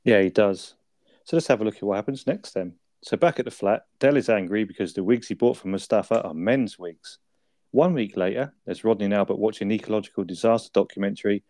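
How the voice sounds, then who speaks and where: Laughing man, dark low voice. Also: no room sound, clean studio sound. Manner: laughs often, swears, quotes characters. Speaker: podcast co-host. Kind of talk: casual chat reviewing a sitcom episode.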